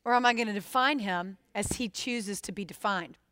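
A woman preaching a sermon, expressive and putting questions straight to her listeners. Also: mid-range voice, normal speed, dry recording, clean studio sound.

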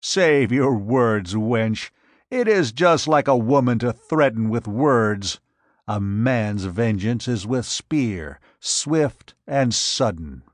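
A man doing a gruff, mocking giant warrior. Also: medium pitch, animated, slow, no room sound, studio quality. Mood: gruff, taunting. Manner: gruff, taunting. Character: giant male usurper warrior, defiant and mocking. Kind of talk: audiobook narration.

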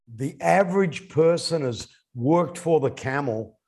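Aussie guy chatting business on a podcast, kinda husky, voice goes all over the place. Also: fairly high pitch, measured pace. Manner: animated storyteller. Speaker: podcast co-host. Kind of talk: casual business chat.

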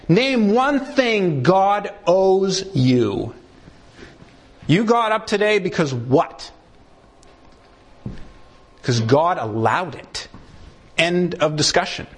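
A man delivers sermon-style Bible teaching to a gathered room, his voice pitched high and swinging widely as he speaks. He takes his time, spacing his words slowly and deliberately. Now and then he slips into mock voices of doubters and tosses questions back at the listeners. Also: breathy edge.

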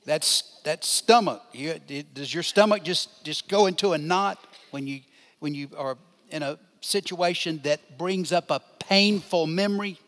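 An older man teaching a Bible lesson in a high, light voice. He talks in a conversational way, asking his listeners questions and taking up their answers. His voice rings out with a long reverb in a large church hall. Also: measured pace, fairly bright tone. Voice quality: asks the listeners questions and responds to them. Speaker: pastor teaching a Bible class.

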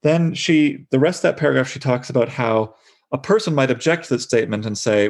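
A man leading a book discussion with students, reading passages aloud with animated emphasis. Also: medium pitch, brisk. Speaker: discussion leader.

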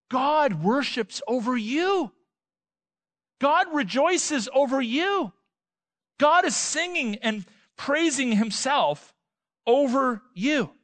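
A man preaching a sermon, emphatic, with rhetorical questions and swings between loud and soft. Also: extremely high pitch, lively intonation, slow, pauses often, dry recording. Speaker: pastor.

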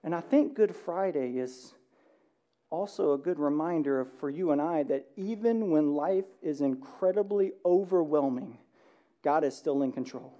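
A man pastor preaching a sermon, animated, swinging between loud emphasis and hushed passages, often asking the room "right?". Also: fairly high pitch, normal speed. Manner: conversational, asks the room "right?".

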